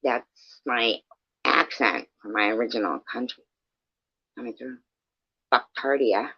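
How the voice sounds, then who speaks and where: A woman's voice: extremely low pitch, measured pace, creaky, husky, no echo, highs cut off. A woman chatting casually with her viewers, joking, laughing often and swearing freely. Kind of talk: casual live chat.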